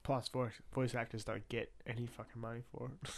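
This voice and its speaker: Rambling young man, mid-pitched. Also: little pitch movement, fairly quick. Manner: rambling, laughs along, hesitant fillers. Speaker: podcast co-host. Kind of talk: casual chat.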